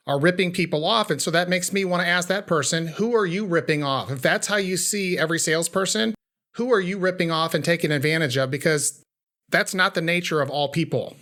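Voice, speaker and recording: A middle-aged man hosting a podcast interview, speaking earnestly and reflectively, a little halting. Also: high-pitched, sharp tone. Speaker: podcast host, former chiropractor. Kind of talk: podcast interview, conversational remarks.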